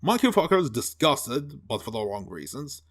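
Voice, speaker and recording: A man's voice: medium pitch, sing-song, moderate pace, breathy edge. A man giving a sarcastic, profane film review rant, mocking and exasperated as he picks apart the plot. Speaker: movie reviewer.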